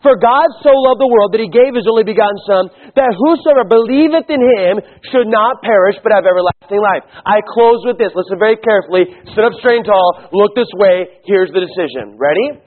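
A male pastor preaching a sermon, emphatic, swinging from quiet low stretches to raised, pleading calls. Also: brisk, hardly any pauses. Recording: tinny phone-like sound.

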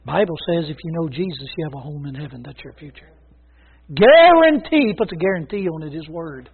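High-voiced husky preacher on a tinny line. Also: male voice. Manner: folksy, emphatic, swings from loud to quiet. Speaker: pastor. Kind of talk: sermon. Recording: tinny phone-like sound.

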